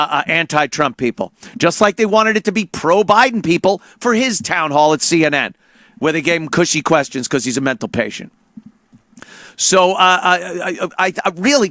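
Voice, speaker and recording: High, bright-voiced man ranting angrily. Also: no room sound, clean studio sound. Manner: heated, profane, stammering repeats. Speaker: talk show host. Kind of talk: angry political rant.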